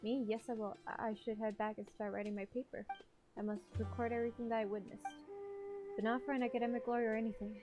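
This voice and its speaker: A nervous, stammering male scholar from a story game, read aloud by a woman. Game music plays clearly behind. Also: a little high, flat delivery, fast, natural voice. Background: game soundtrack music.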